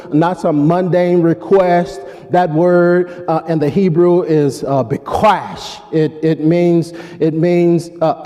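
Emphatic preacher in a reverberant hall. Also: male voice, on the high side, dark tone. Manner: emphatic, calls out to the congregation. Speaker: pastor. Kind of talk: sermon.

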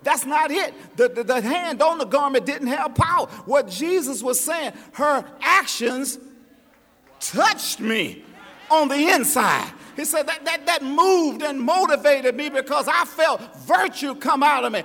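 A man preaches with a very high, ringing voice, swinging between shouts and a sung, chanting delivery. He addresses his congregation directly. His words carry a long reverb through a church sanctuary. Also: a little slow, creaky. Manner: impassioned, shouting and half-singing his lines; talks straight to the congregation. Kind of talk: sermon.

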